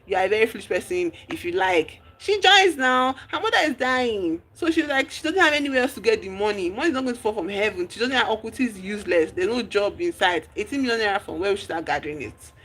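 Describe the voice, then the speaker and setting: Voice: medium pitch, quick pace, few pauses. Livestream host, casual movie recap, exclaiming, acting out lines. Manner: animated storytelling, acts out characters' lines, exclaims.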